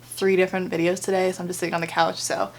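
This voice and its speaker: A woman's voice: lowish voice, flat delivery, quick pace, a little hiss or hum. A woman of twenty-two chatting casually at home on her couch, reading out book reviews with lots of "like". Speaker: book vlogger.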